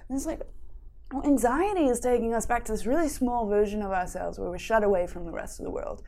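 High-voiced woman teaching with playful stories. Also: fast talker. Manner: lively, playful storytelling. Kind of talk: emotional-wellness talk.

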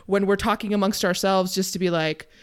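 Young woman, casual podcast co-host, warm reassurance, lots of "like" and "you know". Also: medium pitch, fairly even intonation, brisk, smooth. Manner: chatty, reassuring, many fillers. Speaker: podcast co-host and game master.

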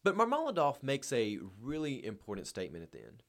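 Male reader-commentator, earnest and emphatic, lively intonation. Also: medium pitch, fairly quick. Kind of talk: reading a novel aloud with commentary.

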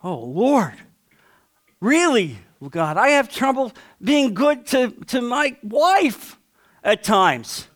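A male pastor preaching a sermon with passion, asking the congregation questions and swinging from loud to hushed. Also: extremely high pitch, big pitch swings, slow pace.

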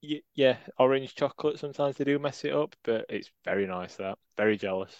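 A man's voice: mid-range voice, a little fast, dry recording, lo-fi sound. A man chatting on a casual football podcast, rambling wryly through jokes and asides. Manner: wry, rambling banter. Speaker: podcast co-host.

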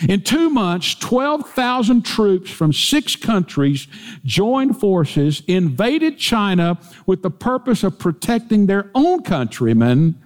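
A man preaching a sermon with emphatic delivery, climbing in pitch and force as he quotes scripture. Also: big pitch swings, slow. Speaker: pastor. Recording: hall reverb.

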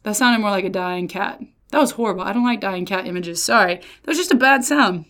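A woman giving a casual Bible lesson, retelling stories in lively slang with playful voices. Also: medium pitch, fairly quick. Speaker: Bible teacher.

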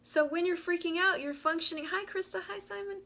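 A woman's voice: very high voice, a little fast, pushed and bright. A woman hosting a live coaching stream, talking animatedly, laughing and greeting viewers as she goes. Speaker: host of a live money coaching show.

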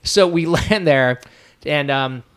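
A man born in Israel, a comedian, telling an animated anecdote on a casual podcast and acting out the people in it. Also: fairly high pitch, slow, smooth. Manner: animated storyteller who acts out the people in his anecdotes.

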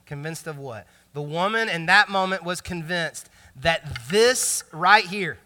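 A man preaching a sermon as pastor, animated and joking, in a casual conversational way with lots of filler words. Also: fairly high pitch, clear, resonant tone. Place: large church hall. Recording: long hall reverb in a church.

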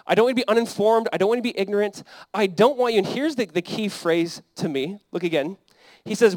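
A man's voice: sits high, fast talker, few pauses, a little mellow, no echo. A young adult man, a pastor, preaching a sermon in an earnest, conversational way that builds to emphatic peaks.

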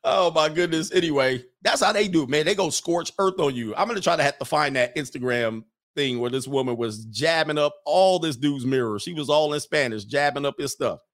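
A man's voice: on the high side, brisk, a bit bright, no echo. Brash joking man, dry close sound. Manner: brash, joking, laughs often, mocks in put-on voices. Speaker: livestream host reading chat. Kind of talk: casual livestream commentary.

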